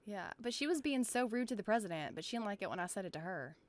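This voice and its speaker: A woman's voice: mid-range voice, animated. Chatty young woman anchoring a game newscast. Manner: chatty, giggly and quick to react. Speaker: roleplay news anchor. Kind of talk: game voice-chat roleplay.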